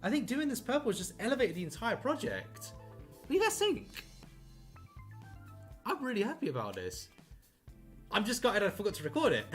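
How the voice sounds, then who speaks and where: This artist's high-pitched voice swings widely in pitch as he draws live from his home studio, talking fairly quickly but pausing often over soft background music. The casual chat is rambling and upbeat, self-deprecating, and full of fillers.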